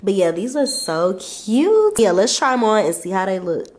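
A young mother who runs a lifestyle vlog chats casually with her viewers from her bedroom at home, sick and achy, and keeps calling them "y'all." Her voice is medium in pitch with a darkish tone, very animated, at a normal speed.

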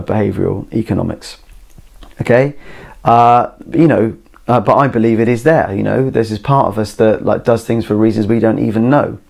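A man's voice: fairly low pitch, vocal fry, darkish tone. A man, hosting a solo podcast from a garden shed, rambling with many fillers and restarts. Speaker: podcast host. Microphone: camera mic.

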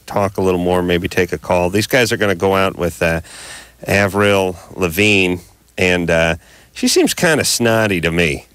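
Low-voiced joking man hosting radio. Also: a bit bright, dry recording. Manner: joking, teasing, drawn-out words. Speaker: radio show host. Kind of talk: casual radio banter.

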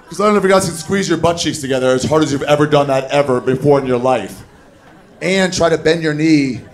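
A man doing a stand-up comedy set on a club stage, telling a story with animated, shouted put-on voices. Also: fairly high pitch. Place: comedy club stage before a live audience. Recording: live club recording with crowd. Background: audience laughter.

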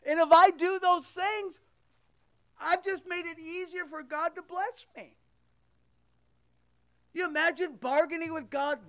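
A man's voice: very high voice, steady tone, unhurried, pauses often, sharp tone, dry recording, studio quality. A male pastor preaching a sermon and leading a closing prayer, impassioned and emphatic, repeating phrases for weight and quoting scripture.

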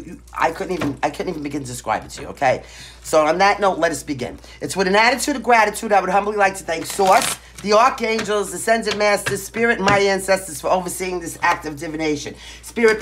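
A woman's voice: fairly low pitch, a little hiss or hum. A woman with a Brooklyn New York accent giving a casual tarot reading to the camera, blunt and emphatic, tagging her points with "right?" and "okay?". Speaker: tarot reader.

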